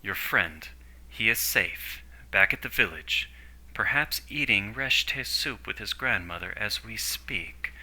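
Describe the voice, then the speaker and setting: A man's voice: on the low side, expressive, slow, sharp tone, pitched above the performer's own voice, full character voice, poor audio. A man voicing an older woman who leads a team, speaking with cool disdain. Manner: disdainful, dry.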